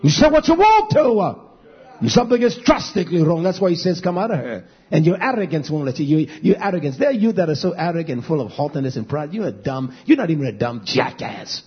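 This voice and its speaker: Husky male pastor, fiery sermon, high-ish voice, dull recording. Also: big pitch swings, fast talker. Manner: preaching with big swings between shouting and low murmurs.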